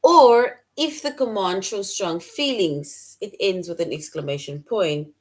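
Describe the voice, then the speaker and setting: A woman's voice: mid-range voice, unhurried. Woman teaching a grammar lesson. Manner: repeats key points, explains with examples.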